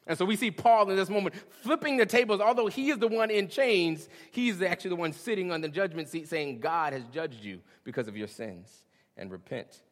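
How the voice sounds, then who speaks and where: A male pastor preaching a sermon, swinging between hushed questions and booming emphasis, with a casual "y'all". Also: expressive, a little fast. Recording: long reverb of a large hall.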